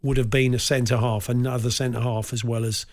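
A man's voice: mid-range voice, little pitch movement, moderate pace. A man hosting a sports radio show, chatting casually about football transfers with his co-host. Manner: chatty, conversational with restarts.

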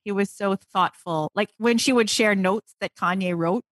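A woman co-hosting a gossip podcast, eager and agreeable, quick to giggle. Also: mid-range voice, a bit bright, no room sound. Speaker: podcast co-host. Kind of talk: casual celebrity gossip chat.

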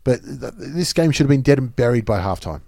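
An Australian man of middle pitch talks through a football match in easy, chatty terms. He laughs a lot, and his voice sits close and dry on the mic. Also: lively intonation, brisk, creaky, mellow, no room sound. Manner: laughs often, mimics players in quotes. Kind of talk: casual sports chat.

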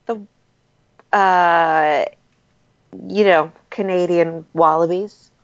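A woman's voice: lowish voice, fairly even intonation, extremely slow. A woman co-hosting in casual banter, playful and joking, laughing often. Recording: dull lo-fi sound.

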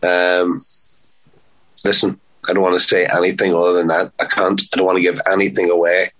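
A man with a fairly low voice talks casually in an interview as an actor. He is chatty and playful, and he often repeats words to stress a point. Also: little pitch movement, a little fast, fairly bright tone, poor audio.

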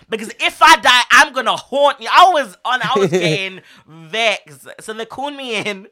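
A young woman, co-hosting a casual chat show and telling a story with lively, slangy, swearing energy and acted-out voices. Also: a little high, moderate pace, few pauses, dry recording, clean studio sound. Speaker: podcast co-host.

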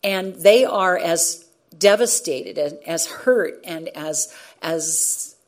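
Middle-aged woman, radio journalist, earnest storytelling, slightly low pitch, frequent restarts. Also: slow pace. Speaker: radio journalist and former show host. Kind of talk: reflective storytelling in a conversation.

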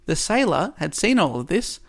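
A podcast host retelling a story's plot in a casual way, with dry asides along the way. His voice is gravelly and sits a little high for a man. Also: very animated, normal speed, fairly bright tone.

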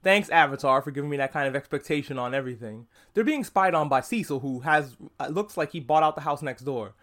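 A young man hosting a podcast, talking through a TV episode in a casual, animated and profane way, acting out characters' lines in quick asides. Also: on the high side. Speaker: podcast host. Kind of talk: casual solo podcast review.

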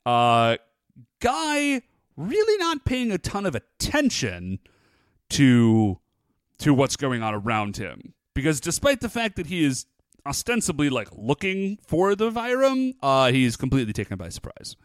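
Clear and resonant, a voice on the high side moves a little slowly over clean studio sound without room noise. The man co-hosts a podcast, recapping a TV episode in lively, chatty talk full of "like" and "uh."

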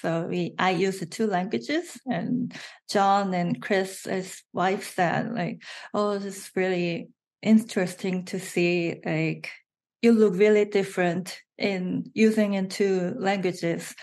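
A woman with a Korean accent, a native Korean speaker, chatting as an interview guest, with halting restarts and frequent laughter. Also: mid-range voice, steady tone, a little mellow. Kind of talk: casual interview chat.

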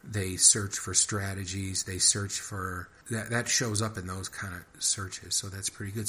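A man's voice: low-pitched, level tone, unhurried, hardly any pauses, sharp tone, a little hiss or hum. A man hosting his own podcast, reading a short story and then rambling casually, thinking aloud and repeating himself. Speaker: podcast host and writer.

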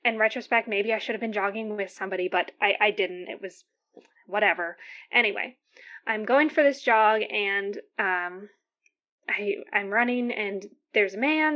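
An actress playing a shaken woman caller who tells her story in a halting, stammering way, repeating words nervously. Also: medium pitch, a bit bright, natural voice. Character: shaken woman caller recounting a night terror. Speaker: caller to a radio show. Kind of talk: audio drama monologue. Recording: dull lo-fi sound.

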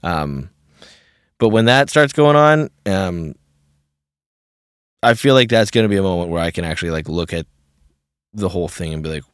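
A man's voice: low-pitched, lively intonation, normal speed, pauses often, fairly bright tone, smooth, no echo. A young man hosting a podcast in a small home studio, talking loosely with many fillers and frequent swearing. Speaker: podcast host. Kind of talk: casual chat.

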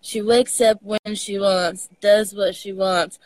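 A woman's voice: medium pitch, slow pace, dry recording. A woman from Texas with a Southern accent, a guest telling stories with lots of laughter in a casual chat over a video call. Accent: Southern US, Texan. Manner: laughing, animated storytelling.

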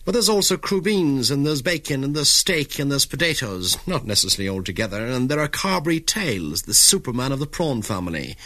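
Wry storyteller narrator. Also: male voice, medium pitch, very animated, brisk, few pauses, sharp tone, no echo. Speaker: documentary narrator. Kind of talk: scripted narration.

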